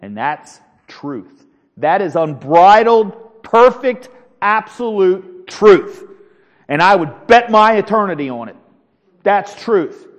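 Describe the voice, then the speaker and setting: A male preacher giving a dramatic sermon, swinging from loud declarations to low, quiet lines and acting out crowds and quoted scripture. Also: big pitch swings, takes it slowly. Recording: long hall reverb.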